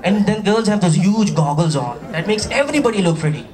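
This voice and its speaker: High-voiced stand-up comic from Pakistan. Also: male voice, a little fast, far from the mic, a crowd in the background. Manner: chatty, animated, with playful asides to the audience. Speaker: stand-up comedian. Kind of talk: stand-up comedy routine. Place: comedy stage before a live audience.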